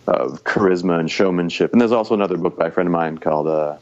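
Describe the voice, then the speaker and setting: A man as the guest expert in a podcast interview, explaining public speaking in an animated, coaching way. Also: low voice, fast, dull audio. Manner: animated, coaching, uses quoted inner voices.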